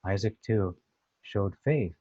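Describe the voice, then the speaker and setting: Low-voiced man explaining scripture. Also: takes it slowly, mellow, no room sound, lo-fi sound. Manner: thoughtful, conversational, restarts with "uh". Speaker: Bible teacher. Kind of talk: casual scripture commentary.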